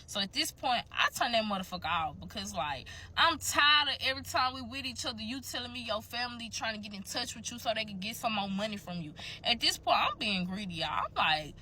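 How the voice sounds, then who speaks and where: A woman's voice: a little high, lively intonation, brisk, few pauses, bright, forceful tone. A young woman casually telling a personal story straight to her viewers, candid, chatty and profane.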